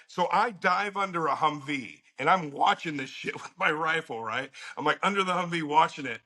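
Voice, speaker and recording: A man's voice: a little high, pushed and bright, breathy edge. A middle-aged man telling a story as a podcast guest, blunt and profane, laughing now and then. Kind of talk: casual storytelling.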